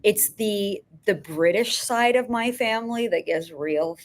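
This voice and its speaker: A woman's voice: mid-range voice, measured pace. A woman filmmaker guest on a podcast, telling profane, rambling anecdotes and often laughing. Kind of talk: casual storytelling.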